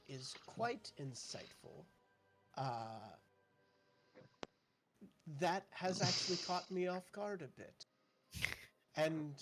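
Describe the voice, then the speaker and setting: A man voicing a calm, posh male druid who speaks in slow, deliberate, formal sentences. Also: fairly high pitch, slight background noise.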